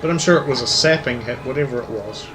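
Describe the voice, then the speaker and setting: A man's voice: medium pitch, quick pace, low-quality recording. A man joking offhandedly as a player at a tabletop game. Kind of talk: casual chat at a game table. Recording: music behind.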